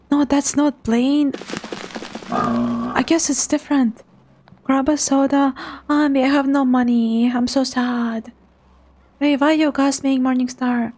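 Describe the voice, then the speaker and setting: A young woman with a high voice streams a game, keeping her talk hushed and soft. She speaks slowly and unhurriedly, almost murmuring her commentary. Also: slightly rough. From Russia. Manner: hushed, softly spoken to avoid making noise. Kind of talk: live gaming commentary.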